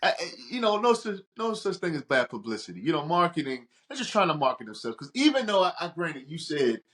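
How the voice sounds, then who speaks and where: A man's voice: on the high side, very animated, fast talker, a bit bright. A man co-hosting a podcast in casual chat, easygoing, joking and explaining his view. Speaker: podcast co-host.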